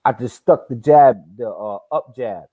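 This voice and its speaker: A man hosting a live boxing chat, telling animated, profane stories and acting out punches with sound effects. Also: medium pitch, measured pace, slightly rough, no room sound. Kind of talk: casual storytelling chat.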